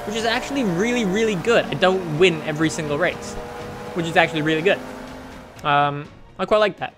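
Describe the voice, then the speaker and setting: A man commenting on his racing game play in a chatty, self-mocking way, with sudden excited outbursts. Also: on the high side, a little fast, over music. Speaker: gaming channel host.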